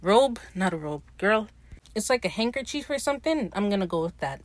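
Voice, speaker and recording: Speaking a little fast in a mid-range, sing-song voice with no room sound, a podcast host gives a slangy, profane, casual recap of a TV episode. She retells scenes by performing the characters' lines.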